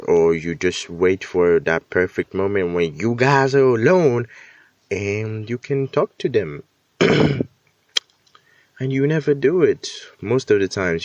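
A man's voice: fairly low pitch, dry recording. A young man hosting a solo podcast, talking candidly and casually, swearing now and then and catching himself mid-thought. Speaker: podcast host. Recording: slightly dull lo-fi recording.

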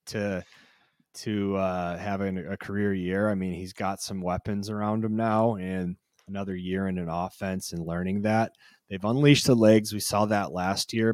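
Low-voiced guy rambling about fantasy football, lots of ums, dry mic. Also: dry recording. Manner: loose, filler-heavy, teasing. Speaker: podcast co-host. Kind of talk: casual fantasy football chat.

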